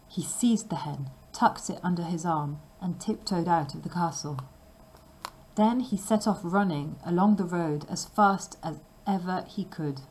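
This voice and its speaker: A woman reading a fairy tale aloud slowly and carefully for language learners. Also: fairly low pitch, a little mellow, poor audio. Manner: slow, careful and clearly paced. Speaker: storybook reader.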